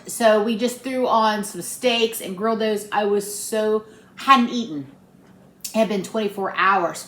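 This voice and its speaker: Her voice is mid-range with a sharp edge as this woman, a cooking vlogger, makes casual, homey conversation with viewers over her stove at home. Central air hums through the spacious kitchen.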